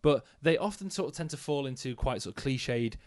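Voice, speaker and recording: Fast-talking wry English man. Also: medium pitch, expressive, darkish tone, no room sound, clean studio sound. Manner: quick, jokey and wry. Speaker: podcast co-host. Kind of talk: casual football chat.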